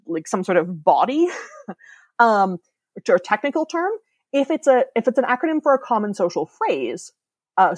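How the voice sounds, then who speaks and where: Woman, podcast guest author, quick talky explainer, dry recording. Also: mid-range voice, no echo. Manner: explanatory, quick, many fillers and laughs. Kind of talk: casual podcast chat.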